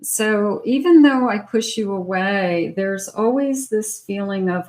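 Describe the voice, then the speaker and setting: A woman's voice: medium pitch, takes it slowly, few pauses, darkish tone. A middle-aged woman reading love tarot cards in a loose, conversational manner. She sometimes slips into short imagined quotes as she explains what the cards show. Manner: conversational, voices imagined lines for the person. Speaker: tarot reader.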